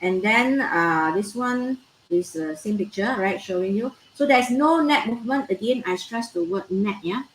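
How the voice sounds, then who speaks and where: A woman's voice: fairly high pitch, animated, moderate pace. A woman with a Malaysian English accent teaching a biology class, often repeating herself and checking in with "all right?" and "okay?". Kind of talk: recorded online class lecture. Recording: echoey room with faint noise.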